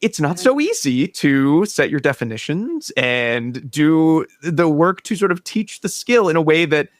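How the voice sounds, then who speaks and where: A man hosting a podcast, his voice a little higher than most men's. He jokes along casually, rambling a bit with restarts. The sound is close and dry, with no room echo. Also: very animated, unhurried. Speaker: podcast host.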